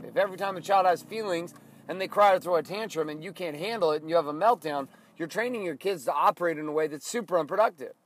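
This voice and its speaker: A middle-aged man hosting a motivational podcast, talking in an intense, emphatic and blunt way, with some swearing. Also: high-pitched. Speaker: podcast host. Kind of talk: motivational monologue.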